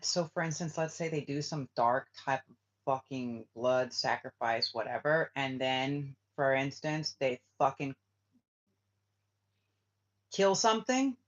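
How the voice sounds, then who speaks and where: A man, a spiritual reader, talking casually in a rambling way, filling his speech with "like" and swearing. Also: fairly high pitch. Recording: dull lo-fi sound.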